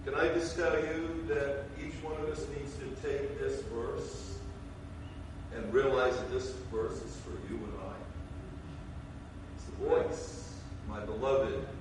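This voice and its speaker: Impassioned preacher in an echoey church. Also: male voice, steady tone, slow, pauses often, background noise. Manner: impassioned preaching, swinging from shouts to low murmurs. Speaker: pastor. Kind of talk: sermon. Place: church sanctuary. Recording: roomy hall sound from a distant mic.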